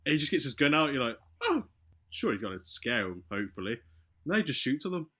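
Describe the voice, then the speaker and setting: Speaking quickly in a mid-range voice, a man walks through a movie's story on a podcast in a casual way. He keeps it animated, performing the characters' dialogue along the way.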